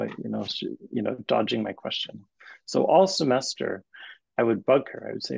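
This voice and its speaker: Gravelly, husky middle-aged man storytelling. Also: mid-range voice, dry recording, highs cut off. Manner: animated retelling with halting restarts. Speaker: guest therapist and academic. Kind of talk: storytelling in an interview.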